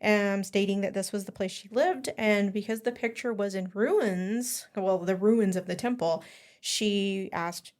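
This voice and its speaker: A podcast host tells a story in a casual, chatty way, full of ums and small giggles. She speaks at a measured pace in a medium-pitched voice with a darkish tone.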